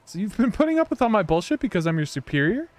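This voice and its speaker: A man's voice: sits high, sing-song, fast talker. An American man streaming a video game, giving casual, joking commentary with rambling asides. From United States.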